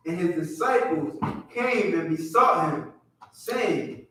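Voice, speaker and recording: Brief: high-pitched male reader, slow and deliberate, distant mic, strong echo. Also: expressive, sharp tone. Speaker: class member reading scripture. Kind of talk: reading scripture aloud. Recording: very echoey, far from mic.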